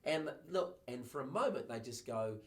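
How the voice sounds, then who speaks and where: A man in his fifties with a New Zealand accent, a guest on a podcast, telling lively stories and acting out the voices of people he quotes. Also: mid-range voice, normal speed, reverberant. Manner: lively storyteller who acts out quotes in voices. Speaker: guest, TV presenter and communication coach. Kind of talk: casual podcast conversation.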